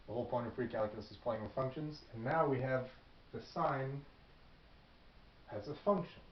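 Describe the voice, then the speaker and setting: A man teaching a math lesson in a relaxed, off-the-cuff way, thinking aloud and correcting himself as he goes. He sounds set back from the mic, and his voice carries an echo of the room around him. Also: medium pitch, normal speed, slight background noise. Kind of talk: whiteboard lecture. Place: classroom. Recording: echoey classroom, far from the mic, dull.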